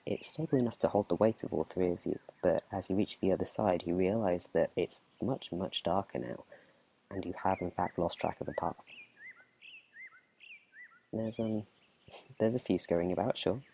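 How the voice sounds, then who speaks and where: A man running a tabletop game as game master, narrating in a relaxed, chatty whispered role-play. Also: deep voice, normal speed, creaky, long pauses, a little hiss or hum.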